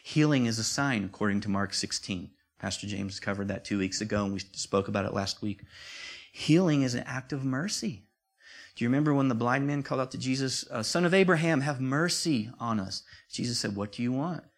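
Guy preaching, chatty and repeats himself, gets loud and fired up sometimes, middle pitch. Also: brisk. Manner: conversational, repeats himself, rises to emphatic peaks. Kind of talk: sermon.

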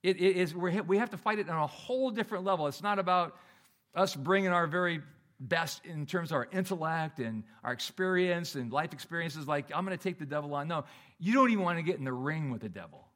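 Animated, conversational male preacher. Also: fairly high pitch, fairly quick. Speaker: pastor. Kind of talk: sermon.

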